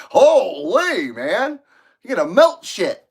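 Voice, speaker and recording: A man's voice: on the high side, very animated, normal speed, fairly bright tone. A man from California hosting a live stream, reading viewer comments in a casual, joking, profane and rambling way. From Ventura County, California. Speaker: livestream host.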